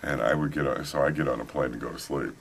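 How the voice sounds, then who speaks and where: Deep-voiced American man telling stories. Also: quick pace, slight background noise. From United States. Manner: animated anecdote teller, laughs often. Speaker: author, interview guest. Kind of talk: casual storytelling. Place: conference venue, indoors.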